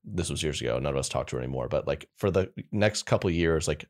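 A man's voice: very deep voice, animated, fast talker. A young man co-hosting a podcast, telling a story in a loose, rambling, casual way. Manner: laid-back rambling storyteller. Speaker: podcast co-host. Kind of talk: casual chat.

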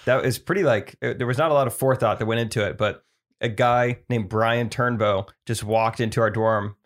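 A young man with a mid-range voice tells stories on a podcast. He is animated and quick to laugh, and he tells them casually. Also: medium pitch. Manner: animated storyteller, laughs often. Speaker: podcast co-host. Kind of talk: casual chat.

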